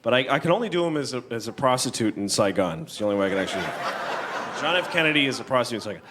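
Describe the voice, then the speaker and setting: A man doing a stand-up comedy set on a theater stage, telling rambling deadpan stories and jumping into high, loud voices for the people in them. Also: racing. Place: large theater stage before a live audience. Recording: noisy live theater recording with crowd. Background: audience laughter.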